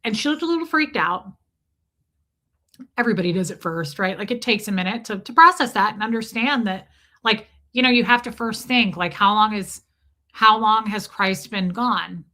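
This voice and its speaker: Hosting a laid-back livestream, a young woman rambles through a joking story, swearing without restraint. She talks at normal speed in a medium-pitched, sharp-toned voice.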